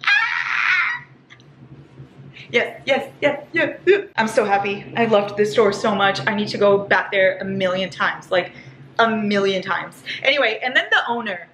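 A woman vlogging a casual haul, gushing and excitable, squealing over each item. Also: medium pitch, moderate pace. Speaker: book vlogger. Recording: echoey room with faint hiss.

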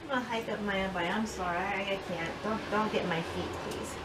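A woman's voice: medium pitch, steady tone, brisk, crowd noise. Panicky woman vlogger exclaiming. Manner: panicky, exclamatory, repeats herself. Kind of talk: casual home vlog. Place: home storage room. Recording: noisy home video.

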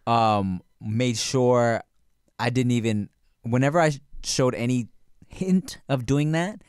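A man's voice: mid-range voice, takes it slowly, smooth, no room sound, studio quality. A man hosting a podcast, telling stories casually with swearing and acted-out quotes. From United States. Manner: animated storyteller, swears casually, acts out quotes. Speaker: podcast host.

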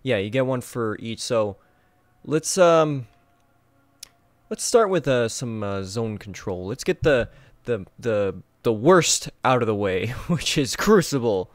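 A young man giving casual gameplay commentary, swinging between mumbled asides and excited yelps. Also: mid-range voice, slow pace, dry recording. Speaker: gaming YouTuber.

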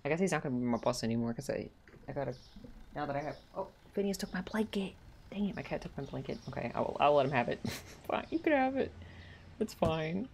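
Low-voiced woman chatting rambly. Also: fast, creaky, darkish tone, a little hiss or hum. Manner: rambling, heavy use of "like"; gets heated when annoyed. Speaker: streamer. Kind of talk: casual chat while gaming. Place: at home.

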